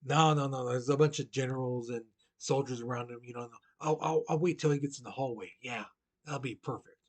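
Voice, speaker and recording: A man voicing a nervous male conspirator who keeps talking himself out of acting, in quick fretful self-argument. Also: medium pitch, close to an everyday voice. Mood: hesitant.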